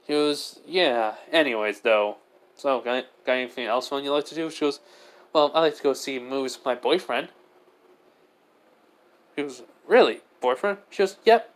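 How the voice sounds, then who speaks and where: Rambling young man retelling a fan story. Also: medium pitch. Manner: rambling, filler-heavy retelling with many "he goes, she goes". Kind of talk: improvised story narration.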